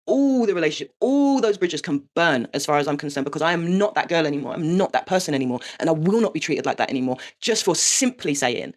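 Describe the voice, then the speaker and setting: Fast-talking frank woman vlogger. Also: deep voice, lively intonation. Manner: frank and swearing, with rueful laughs. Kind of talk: candid confessional monologue.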